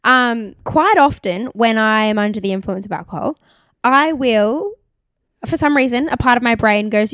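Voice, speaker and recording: A young woman with an Australian accent co-hosting a podcast, telling stories in a quick, animated, casual way. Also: on the high side, no room sound, clean studio sound. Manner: animated storytelling, quick, full of "like" and laughs. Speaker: podcast co-host. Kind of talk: casual chat.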